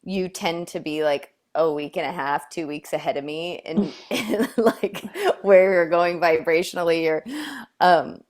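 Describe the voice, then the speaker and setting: Woman, low voice, rambling, laughs often, casual chat co-host. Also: steady tone, measured pace, a little mellow. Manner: rambling, laughing, lots of fillers.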